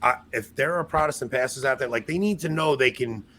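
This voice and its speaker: A man hosting a podcast in casual chat, animated, laughing at himself and restarting his sentences. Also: medium pitch, brisk. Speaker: podcast host.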